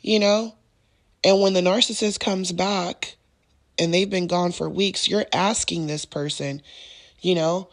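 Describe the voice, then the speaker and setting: A woman with a slightly low-pitched voice hosts a casual podcast monologue. She talks in loose, repetitive phrases. She slips into quoted back-and-forth lines, playing both sides of an argument. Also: steady tone, unhurried. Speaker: podcast host.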